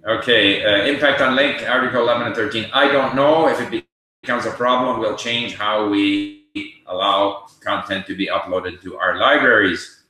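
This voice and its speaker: A man's voice: lowish voice, normal speed, sharp tone. A man hosting a casual livestream, reading viewer questions aloud and answering them in a conversational way. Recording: very echoey room.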